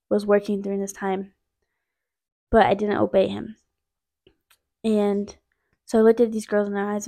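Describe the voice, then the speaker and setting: A woman's voice: mid-range voice, gravelly, warm tone. A young woman hosting a podcast, telling a personal faith testimony in a casual, chatty way, with many fillers and asides to her listeners. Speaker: podcast host.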